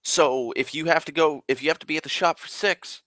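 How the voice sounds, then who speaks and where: A man's voice: fairly high pitch, fairly quick, sharp tone, dry recording. A man ranting in a profane, exasperated monologue about his morning. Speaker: vlogger. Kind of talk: angry rambling monologue.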